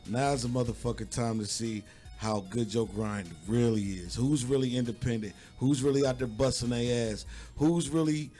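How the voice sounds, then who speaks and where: A man's voice: medium pitch, normal speed, dark tone, soft background music. A man co-hosting a radio show, talking in a blunt, profane, hyped-up way. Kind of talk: casual banter.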